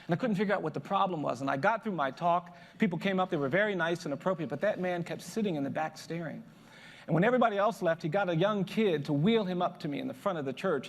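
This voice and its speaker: A man, a lawyer, giving a motivational speech with emphatic, building repetition. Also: on the high side. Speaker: lawyer and public speaker. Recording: echoey hall reverb.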